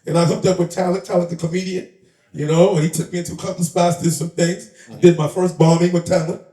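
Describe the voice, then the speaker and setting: A man's voice: high-pitched, little pitch movement, fast talker, mellow. A man, telling stories in a casual interview, streetwise and laughing, acting out the voices of the people in them. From the Bronx, New York. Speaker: interview guest, rapper and comedian. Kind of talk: animated storytelling in casual chat. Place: live event in a shop. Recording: roomy sound, a bit far from the mic.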